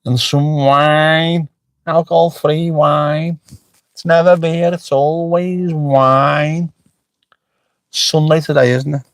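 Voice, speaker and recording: A man's voice: on the high side, steady tone, slow, no echo. A middle-aged man chatting casually on a livestream, joking and swearing freely as he answers the chat. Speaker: livestream host. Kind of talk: casual live-stream chat.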